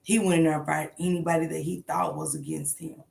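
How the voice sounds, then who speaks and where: A woman's voice: low voice, steady tone, fairly quick, creaky, a little mellow, echoey room. A woman hosting a casual morning commentary show, talking bluntly and emphatically with plenty of swearing.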